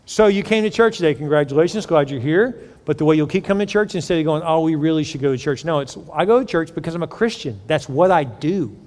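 Lively pastor preaching in a reverberant church. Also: male voice, fairly high pitch, quick pace, hardly any pauses. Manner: animated, jokey, acts out quoted voices. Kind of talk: sermon. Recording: long reverb of a church hall.

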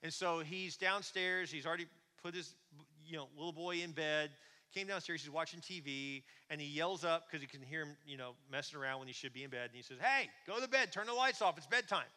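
A male pastor delivering a lively, conversational sermon. His voice is very bright and sits a little high. It carries through the long reverb of a large church hall. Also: brisk. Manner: conversational, animated, asks the congregation questions.

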